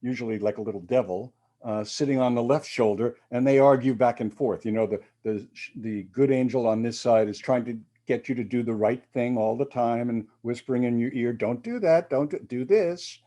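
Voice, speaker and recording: A man's voice: mid-range voice, steady tone, brisk, warm tone. A male minister giving a reflective sermon, with quoted readings and casual asides.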